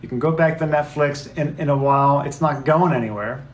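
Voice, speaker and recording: A man's voice: a little high, a little fast. A man co-hosting a spiritual talk show, speaking in an earnest, reflective way and coaxing his listeners. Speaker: co-host. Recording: roomy echo, faint background noise.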